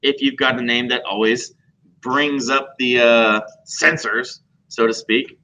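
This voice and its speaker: A man's voice: medium pitch, steady tone, measured pace, pushed and bright. A man teaching a class at a computer, chatty and joking, often asking the students questions. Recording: dull lo-fi classroom recording.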